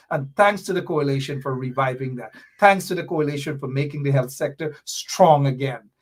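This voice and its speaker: A middle-aged man with a Guyanese accent, hosting a political commentary show in a fiery, sarcastic way, hammering his points with repeated jabs. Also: a little high.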